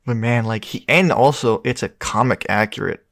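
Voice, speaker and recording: A man co-hosting a casual film review chat, excitable and quick to swear and laugh. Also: medium pitch, gravelly. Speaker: podcast co-host.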